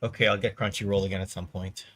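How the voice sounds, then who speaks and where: A man with a fairly low voice chatting on a live show. He speaks with a dry, sarcastic edge. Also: little pitch movement, fast, fairly bright tone, no echo. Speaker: online video creator. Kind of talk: casual live chat.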